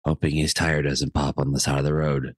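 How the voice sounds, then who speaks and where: A man co-hosting a podcast in casual banter, teasing in a deliberately low, dry tone. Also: little pitch movement, slightly rough, no room sound. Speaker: podcast co-host.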